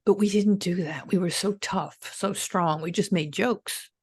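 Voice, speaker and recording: A woman's voice: medium pitch, a little slow, darkish tone, slightly rough, dry recording. An older woman speaking frankly as an interview guest, a former death investigator recalling her work. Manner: frank, plainspoken, swears freely. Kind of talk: casual interview talk.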